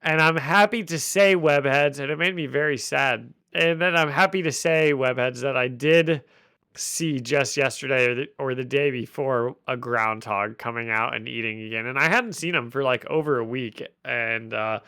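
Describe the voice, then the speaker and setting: Bright, clear-voiced male podcast host. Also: mid-range voice, normal speed, no echo, studio quality. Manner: animated storyteller who laughs often. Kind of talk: casual podcast chat.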